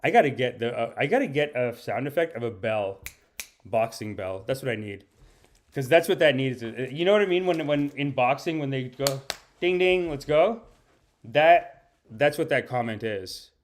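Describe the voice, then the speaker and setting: A man's voice: mid-range voice, lively intonation, moderate pace, slight background noise. Rambling, mock-boastful man hosting a stream. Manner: talks to the live chat and reads out viewer names. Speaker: comedian hosting a live-stream podcast. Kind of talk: comedic live-stream chat.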